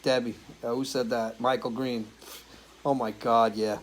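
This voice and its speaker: A man's voice: mid-range voice, flat delivery, measured pace, a little hiss or hum, low-quality recording. Chatty man answering viewer comments. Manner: chatty, loose, swears casually. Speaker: singer hosting a live stream.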